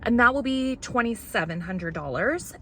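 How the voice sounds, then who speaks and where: A woman's voice: fairly high pitch, lively intonation, moderate pace, pushed and bright, a little hiss or hum. A woman vlogger in casual chat, rambling and candid while fighting back tears.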